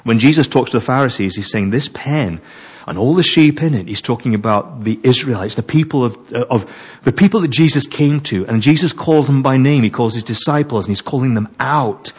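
Animated preacher. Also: male voice, mid-range voice, a little fast, breathy edge. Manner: animated, wondering aloud, mixes reading with asides. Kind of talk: sermon.

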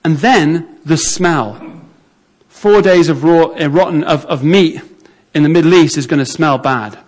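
A man's voice: on the high side, a little slow, a little mellow. A man preaching a sermon, telling the story vividly and acting out how onlookers would react.

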